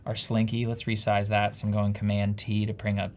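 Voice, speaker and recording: A man's voice: on the low side, monotone, fairly quick, a little mellow, a little hiss or hum. Chatty man with a Jersey accent. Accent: New Jersey. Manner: upbeat, chatty, self-deprecating. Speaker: livestream co-host. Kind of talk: casual live-stream chat.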